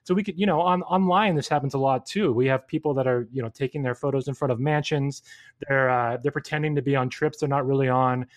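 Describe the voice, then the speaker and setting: Relaxed male co-host from California, mid-pitched, easygoing and thoughtful. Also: fast. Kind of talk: casual chat.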